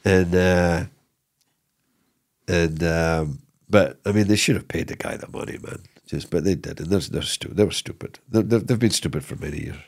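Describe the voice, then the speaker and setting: A middle-aged man, a former footballer, telling stories in a casual interview, rambling and animated with many restarts. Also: low-pitched, moderate pace. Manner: animated, rambling, lots of repeated starts and "you know what I mean".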